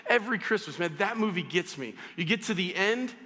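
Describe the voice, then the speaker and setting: A man preaching a sermon as pastor, telling stories in an animated way and speaking straight to his congregation. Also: sits high, fairly quick. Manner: animated storytelling, addresses the audience directly. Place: church auditorium. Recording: church hall reverb.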